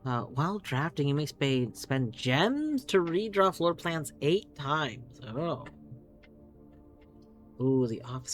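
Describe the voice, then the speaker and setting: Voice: mid-range voice, very animated, slow, faint music behind. Chatty, swearing game streamer. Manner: chatty, rambling, swears casually. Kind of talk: live gameplay commentary.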